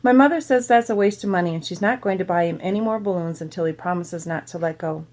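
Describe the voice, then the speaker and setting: A woman teacher reading a children's novel aloud to her students, pausing to explain words and ask questions. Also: fairly low pitch, darkish tone. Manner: pauses to explain to listeners.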